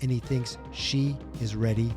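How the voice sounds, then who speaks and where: A man hosting a solo podcast, recapping a TV episode and getting animated and worked up as he vents. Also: medium pitch, unhurried, music in the background. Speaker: podcast host.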